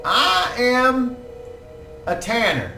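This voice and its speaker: A man's voice: extremely high pitch, huge pitch swings, extremely slow, vocal fry, bright, forceful tone, voice pushed up, exaggerated voice. A man voicing a meek, stammering old male tanner who asks for odd favors. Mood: wheedling. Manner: pleading, stammering, easily frightened. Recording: roomy, distant mic, faint music.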